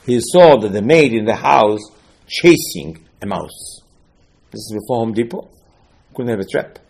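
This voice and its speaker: Husky man with preaching. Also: unhurried. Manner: animated storytelling, rising to excited high-pitched outbursts. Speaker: rabbi. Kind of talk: sermon.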